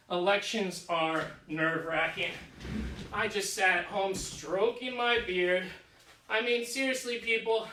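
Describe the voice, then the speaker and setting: A man performing a comic theatrical monologue in a goofy, slangy, excitable manner, full of "like", in his living room. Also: high-pitched. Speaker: solo stage performer. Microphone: camera across the room. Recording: roomy room audio from a distant camera.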